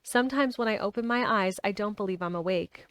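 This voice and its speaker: A gloomy, sickly young boy speaks in a fretful, complaining way from his bed, as a woman reads him aloud. The pitch sits in an ordinary middle range. The sound is dry, with no room echo. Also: moderate pace, close to an everyday voice.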